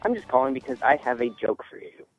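A man's voice: mid-range voice, animated, fast, faint music behind. A man leaving a voicemail to tell the host a joke in a teasing way. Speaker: caller. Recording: dull lo-fi phone recording.

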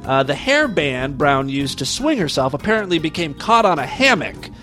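Brief: irreverent male podcast host, crude news riffs, animated swooping delivery, faint music bed. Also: a little high, moderate pace. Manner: mocking, gleefully crude, laughs at his own jokes. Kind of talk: irreverent comedic news reading.

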